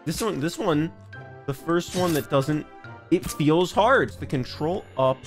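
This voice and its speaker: A man's voice: fairly high pitch, expressive, normal speed, faint music behind. A young man giving goofy, rambling let's-play commentary from his home office, often stumbling over his words. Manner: goofy, rambling, self-aware jokes, frequent stammered restarts. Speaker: gaming YouTuber.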